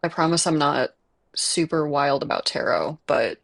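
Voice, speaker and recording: Playing games on a live stream, this Chicago-accented Midwestern streamer chats and rambles, full of fillers and self-aware laughter. The voice is medium-pitched, creaky, and fairly bright, with lively intonation at a moderate pace, recorded through earbuds and a desk mic.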